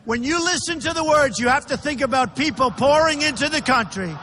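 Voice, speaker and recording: A man's voice: very high voice, brisk, background noise. A man giving a campaign rally speech, talking emphatically and repeating himself as he speaks directly to the crowd in a large indoor arena. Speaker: political candidate. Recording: echoey arena reverb.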